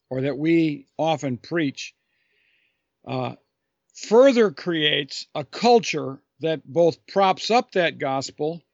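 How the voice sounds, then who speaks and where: A man's voice: a little high, dry recording, lo-fi sound. A man answering a listener's question as an author and Bible teacher, talking earnestly and with emphasis, often restarting and repeating phrases. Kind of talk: thoughtful unscripted explanation.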